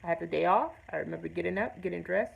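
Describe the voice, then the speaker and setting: A woman's voice: fairly low pitch, fast, creaky, husky, dull audio. A woman hosting her own show, telling a personal story in an earnest, emphatic way with blunt, salty language. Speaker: host. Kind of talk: personal testimony to camera.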